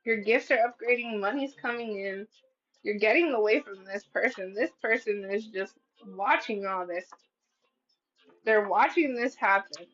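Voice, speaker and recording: A woman's voice: mid-range voice, measured pace, fairly bright tone. A woman doing a casual tarot reading, blunt and profane, acting out what people say and laughing at her own readings. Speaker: tarot reader. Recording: slightly dull lo-fi sound.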